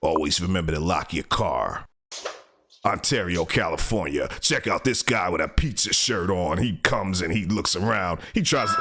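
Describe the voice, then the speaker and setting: A man hosting a comedic doorbell-camera clip show, calmly announcing places, then shouting and heckling the people in the clips. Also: moderate pace, soft background music. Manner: heckles people on screen, shouting "get lost"; lively pitch swings, calm place announcements. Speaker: host narrating doorbell clips. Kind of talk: comedic commentary over video clips.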